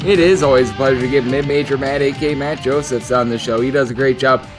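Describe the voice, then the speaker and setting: A man hosting a sports betting podcast, running through odds, lines and player stats in a steady stat-packed rundown. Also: medium pitch, quick pace, soft background music. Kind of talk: solo sports betting analysis.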